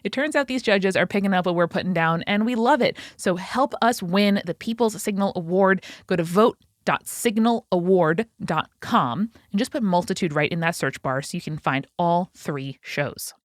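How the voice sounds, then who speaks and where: A woman hosting a podcast, reading sponsor news and announcements in an excited, slightly breathless way. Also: fairly low pitch, dry recording, clean studio sound. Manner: excited, fast, a little out of breath. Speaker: podcast host. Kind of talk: upbeat sponsor and announcements read.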